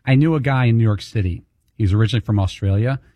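A man on a sports radio show trading dry, deadpan jokes and anecdotes. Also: fairly low pitch, quick pace, no echo. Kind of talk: casual sports radio banter.

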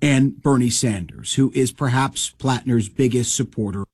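A male correspondent delivers a matter-of-fact report in a husky, slightly rough voice. The sound is dry and close. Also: mid-range voice, normal speed, a little mellow, no room sound. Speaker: news correspondent. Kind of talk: news report.

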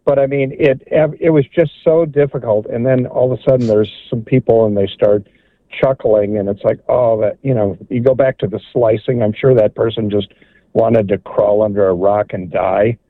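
A man's voice: fairly low pitch, steady tone, moderate pace, no room sound. A man calling in to a radio show, speaking earnestly and conversationally. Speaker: caller. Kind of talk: call-in comment. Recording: tinny phone line.

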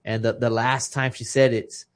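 A man's voice: medium pitch, level tone, moderate pace. Heartfelt man in his thirties. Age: 30s. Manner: heartfelt storytelling, often repeats words when starting a thought. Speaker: podcast guest, retired boxer. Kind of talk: casual conversation.

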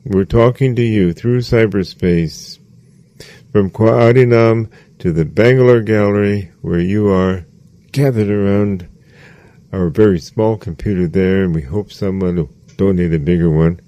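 A man with a low, mellow voice gives a slow, measured sermon. He repeats his phrases for emphasis. The recording is dry and close. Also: dry recording. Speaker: spiritual teacher.

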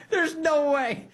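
A man hosting a podcast, giving casual political commentary in a mocking, animated way and laughing often. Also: very high voice. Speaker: podcast and show host.

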